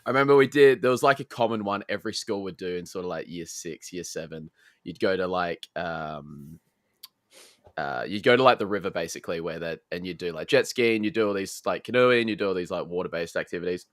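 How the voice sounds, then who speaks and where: A lower-voiced man rambles through a memory in casual chat, full of fillers. His tone is bright and forward, and the sound is dry. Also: a little fast, no echo. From Australia. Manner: rambling, filler-heavy recollection. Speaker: guest on a live stream.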